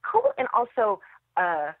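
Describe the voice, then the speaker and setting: A woman actress telling stories as a podcast guest, animated and laughing often. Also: lowish voice, moderate pace, no room sound. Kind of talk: interview storytelling. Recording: dry tinny phone line.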